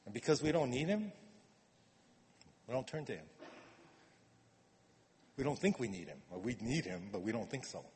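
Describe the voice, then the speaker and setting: A man preaching a sermon in a conversational way, repeating words and swinging from quiet asides to emphatic urging. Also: medium pitch, big pitch swings, normal speed, pauses often, a little hiss or hum. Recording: long reverb of a hall.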